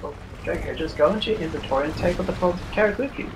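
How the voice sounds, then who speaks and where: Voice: medium pitch, fast. Teasing gaming partner over noisy chat.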